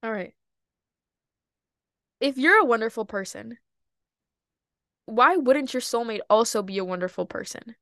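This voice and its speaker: A woman's voice: fairly high pitch, lively intonation, a little slow, pauses often, fairly bright tone, no room sound, clean studio sound. A young woman hosting a personal podcast monologue, talking candidly and animatedly, laughing at herself and breaking into sudden outbursts. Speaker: podcast host.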